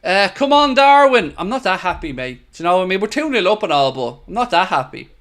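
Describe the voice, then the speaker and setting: A man hosting a live football watchalong, excitable and blunt, swearing freely as he talks. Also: sits high, quick pace. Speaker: host of a fan watchalong.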